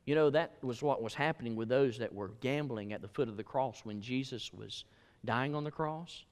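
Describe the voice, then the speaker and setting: A male pastor preaching a sermon, telling folksy stories and switching from loud emphasis to hushed asides. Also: medium pitch, moderate pace. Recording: echoey hall.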